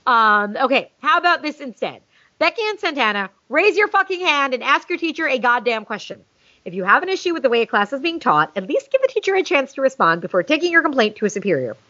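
Lively, sarcastic woman podcast host. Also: sits high, fast talker, dry recording. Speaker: podcast co-host reading a listener email. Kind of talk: casual podcast chat. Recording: dull lo-fi sound, dry.

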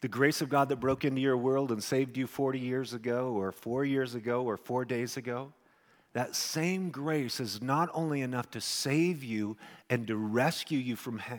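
Pastor guy preaching his story, middle pitch, swings soft to loud, big reverby church hall. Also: moderate pace. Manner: animated storytelling, swings from hushed to near shouting. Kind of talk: sermon testimony.

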